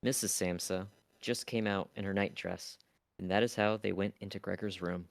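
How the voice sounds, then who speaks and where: A man's voice: low-pitched, fairly even intonation, normal speed, gravelly, no room sound. A man streaming live, reading a novel aloud in a casual way, stumbling over words now and then.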